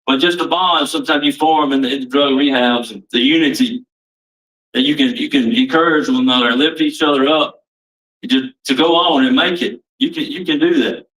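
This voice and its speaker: A man's voice: medium pitch, brisk, fairly bright tone, recorded from a distance, poor audio. A man giving a plain-spoken, emphatic personal testimony at a recovery meeting, repeating himself for weight.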